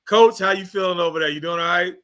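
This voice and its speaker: A man's voice: high-pitched, quick pace, a bit bright. A man with a Missouri accent hosting a casual sports talk show, joking and teasing his co-hosts.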